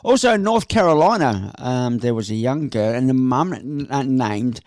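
A man's voice: mid-range voice, lively intonation, moderate pace, darkish tone, no room sound, studio quality. A man hosting a casual radio chat, talkative, with many fillers and frequent laughs. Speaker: radio host. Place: teaching in New York City.

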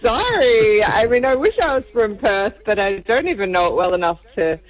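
A woman's voice: medium pitch, expressive, moderate pace, poor audio. A woman comedian from Melbourne, a radio guest chatting in a friendly, giggly way. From Melbourne, Australia. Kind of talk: casual interview chat.

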